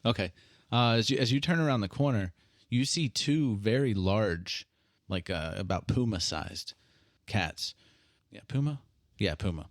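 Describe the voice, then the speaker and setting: A man narrating a tabletop game as dungeon master, describing scenes in a halting way. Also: lowish voice, animated, no room sound, studio quality.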